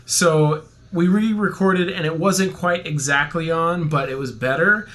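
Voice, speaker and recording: A man's voice: a little high, measured pace, a bit bright. A young man co-hosting a podcast, telling a long story in casual chat, rambling and jokey, laughing often. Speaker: podcast co-host.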